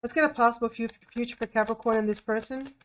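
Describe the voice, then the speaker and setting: A woman's voice: fairly high pitch, steady tone, fast. A woman giving a tarot reading to camera in a blunt, emphatic way, repeating herself and swearing freely. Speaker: tarot reader.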